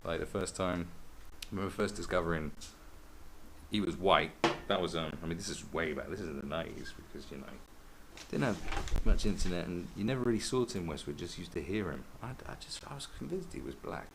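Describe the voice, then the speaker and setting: Deep gravelly man, rambling. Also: expressive, a little fast, background noise. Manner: rambling, sweary storytelling. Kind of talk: casual monologue.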